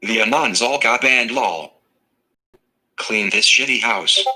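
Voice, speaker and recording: A male text-to-speech voice reading viewer messages aloud in a flat, evenly paced machine delivery. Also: lowish voice, takes it slowly, rough recording.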